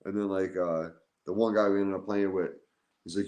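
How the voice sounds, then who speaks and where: A man co-hosting a podcast in a casual chat, telling an animated story full of "like". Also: sits low, quick pace. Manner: animated storytelling, heavy use of "like". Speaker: podcast co-host. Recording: echoey room.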